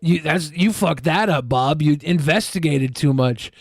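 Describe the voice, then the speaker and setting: A man's voice: on the high side, unhurried, few pauses, no echo, clean studio sound. A man co-hosting a podcast, joking sarcastically in casual banter. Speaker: podcast co-host. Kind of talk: casual comedic chat.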